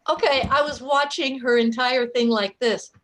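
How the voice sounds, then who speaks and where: A woman's voice: high-pitched, fairly even intonation, normal speed, a bit bright. A woman at an improv comedy show telling a candid personal story with joking asides. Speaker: improv performer. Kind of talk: storytelling monologue.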